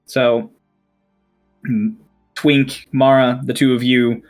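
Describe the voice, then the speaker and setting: A man narrating as dungeon master, relaxed and chatty, with fillers. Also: mid-range voice, slow, soft background music. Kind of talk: narrating a tabletop game.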